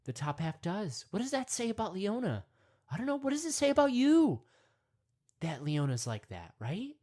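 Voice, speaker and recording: A man leading a parody guided meditation, rambling with constant "you know" and "right?", sometimes dropping to hushed whispers. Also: high voice, wildly swooping pitch, moderate pace. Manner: drops to hushed whispers at times.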